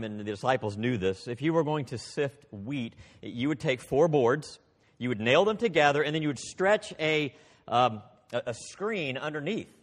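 A man preaching a sermon, expressive, swinging from loud emphasis to hushed, quiet passages. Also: on the high side, in a large hall.

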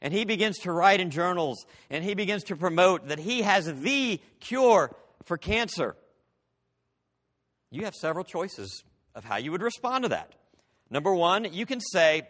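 Man, pastor, sermon, emphatic, slightly high voice, long church reverb. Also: very animated, measured pace, a bit bright. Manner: emphatic preaching with dramatic drops in voice.

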